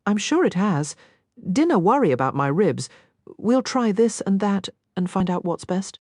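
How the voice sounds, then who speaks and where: A woman voicing a Scottish male whisky distiller in a romance audiobook, speaking low and gently teasing with a soft burr. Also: big pitch swings, normal speed, no room sound, studio quality. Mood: reassuring.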